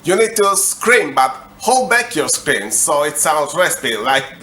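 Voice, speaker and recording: A young man hosting a comedic music tutorial, explaining every step in a slow, deadpan way. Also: on the high side.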